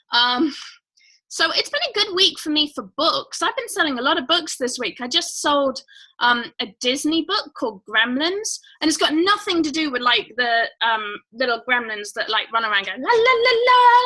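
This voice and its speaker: High, bright-voiced woman hosting a chatty livestream. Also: rough recording. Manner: rambling, chatty, many fillers; greets viewers by name. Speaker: livestream host. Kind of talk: casual livestream chat.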